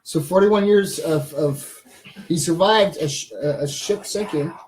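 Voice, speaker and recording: A man's voice: on the high side, measured pace, darkish tone, slight background noise. A man hosting a live chat show, reading trivia facts in a jokey way with fillers and restarts. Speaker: host.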